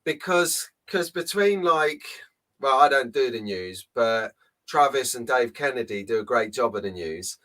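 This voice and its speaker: A man's voice: medium pitch, lively intonation, a little slow, sharp tone. A man hosting a casual live stream from a small home room, chatty and jokey, greeting viewers by name. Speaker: host.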